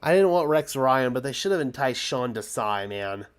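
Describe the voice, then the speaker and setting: A man's voice: medium pitch, lively intonation, moderate pace, clean tone. A man giving live play-by-play fan commentary on a football game, frustrated and ranting about his team's defense.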